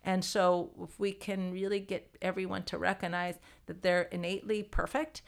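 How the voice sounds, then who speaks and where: A woman's voice: lowish voice, level tone, moderate pace, creaky. A woman therapist explaining her ideas in conversation, acting out other people's voices in the quotes she tells and often checking in with "right?". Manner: acts out quoted voices, tags sentences with "right?".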